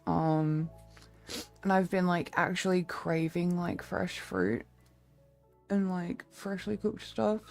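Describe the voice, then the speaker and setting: Low-voiced chatty woman streamer. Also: gravelly, darkish tone. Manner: rambling, chatty, many fillers. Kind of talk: casual live-stream chat with viewers.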